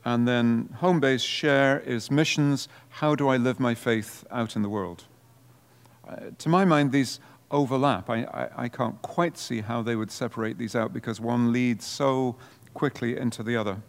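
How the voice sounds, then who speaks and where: A man, a parish priest, giving an informal workshop presentation in a conversational way, with relaxed asides. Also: medium pitch, moderate pace, big-room sound.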